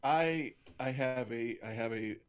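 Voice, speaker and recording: A man's voice: mid-range voice, unhurried, clean tone. Teasing man in a casual group chat. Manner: playful, teasing, loose. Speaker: co-host. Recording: video call audio.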